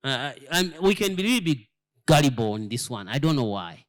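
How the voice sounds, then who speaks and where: A man's voice: mid-range voice, big pitch swings, moderate pace. A man, a church elder giving a sermon-style lesson, emphatic and full of rhetorical questions, often repeating words as he searches for them. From Zambia.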